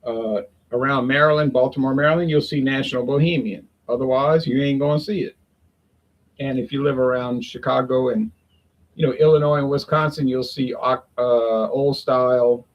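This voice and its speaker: A man's voice: mid-range voice, steady tone, normal speed, highs cut off. A man chatting casually and rambling in a folksy way, talking at home in the heat with the windows open. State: sweating in the heat. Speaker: beer review vlogger.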